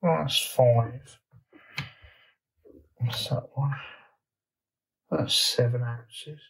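A man talking at a slow, unhurried pace, with an ordinary mid-pitched voice. He chats casually to camera as a garden vlogger, thinking aloud and trailing off with fillers and restarts. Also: steady tone, creaky, fairly bright tone, rough recording. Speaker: allotment vlogger.

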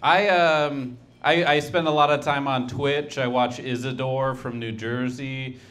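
A male stand-up comedian working through his set at an unhurried pace. His delivery rambles and halts, full of restarts and corrections, and his voice sits at an ordinary middle pitch. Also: steady tone, fairly bright tone.

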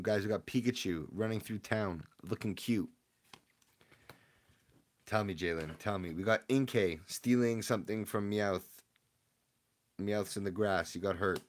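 A young man hosts a livestream from his room at home, his voice sitting a little low. He keeps up relaxed, slangy chatter with his viewers. Every so often he breaks from quiet mumbling into a sudden loud yell. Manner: laid-back slangy banter with chat. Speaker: livestream host opening card packs. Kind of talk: casual livestream chat.

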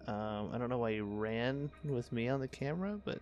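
A man's voice: mid-range voice, animated, normal speed, darkish tone, soft background music. A young man giving casual, wry running commentary on a city-building game he is playing, with dry sarcastic asides. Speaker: let's play host.

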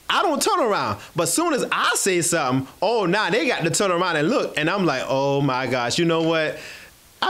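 Male host, fairly high voice, lively chat into spoken word poetry. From South Carolina. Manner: animated, chatty, addresses audience as y'all.

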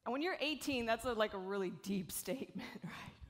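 A woman delivers a live keynote to an audience. She is lively and frank, joking and casually swearing. Her voice sits somewhat high. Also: fairly quick. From South Carolina, USA. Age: 40s. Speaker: keynote speaker and live speed painter. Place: event stage before an audience.

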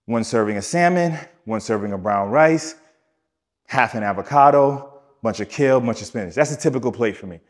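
A man's voice: mid-range voice, animated, fairly quick. Emphatic man coaching on wellness. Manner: emphatic, repeats key points, talks straight to the listener. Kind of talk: podcast teaching talk.

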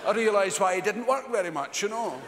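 Glaswegian stand-up guy, high voice, swears a lot, echoey big hall with crowd laughing. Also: fairly quick, heavy background noise. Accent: Glaswegian Scottish. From Scotland. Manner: profane, animated, puts on voices of friends. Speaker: stand-up comedian. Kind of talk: stand-up storytelling. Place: large theatre on stage. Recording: echoey live theatre recording. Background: audience laughter.

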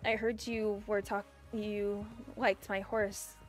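A quiet, composed woman character, soft and low-key, who takes things in stride, as a streamer puts her on. She speaks slowly and without fuss, over faint background music. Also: little pitch movement, natural voice. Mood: calm. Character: calm, reserved woman character.

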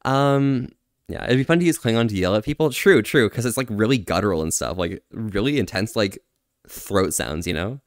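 Low-voiced chatty male streamer. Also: expressive, normal speed, no echo, clean studio sound. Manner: chatty, answers chat, laughs often; tries out phrases in other languages. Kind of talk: casual livestream chat.

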